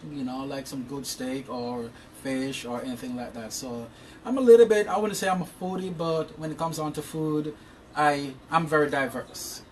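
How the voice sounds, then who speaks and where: A man's voice: medium pitch, fairly even intonation, normal speed, far from the mic, a little hiss or hum. A man from Jamaica with a Jamaican accent, giving long, earnest interview answers about his insurance work and often restarting his words. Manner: explains at length. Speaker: interview guest, insurance professional.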